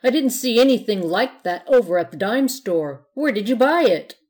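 A woman's voice: fairly high pitch, lively intonation, moderate pace, a little mellow, pitched above the performer's own voice, lightly acted. A woman voicing a curious boy in a cowboy costume in a storybook reading. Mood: impressed. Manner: curious, impressed.

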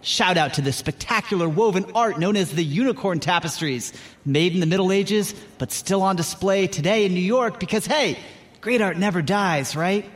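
A man's voice: high-pitched, normal speed, long reverb tail, lightly acted. A man voicing a vain unicorn who gives a theatrical, boastful award acceptance speech. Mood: gushing.

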